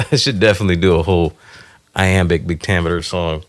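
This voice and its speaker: A man's voice: deep voice, a little fast. A man talking casually to himself while writing a song, trying out lines and sometimes singing them. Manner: thinks aloud, sings lines over a beat. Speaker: music producer.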